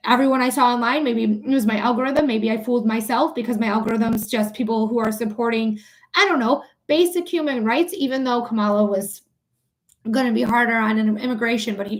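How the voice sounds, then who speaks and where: Brief: woman livestream host, slightly high voice, casual, swears freely, talks straight to her viewers. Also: fairly even intonation, fairly quick. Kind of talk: casual livestream chat and ranting.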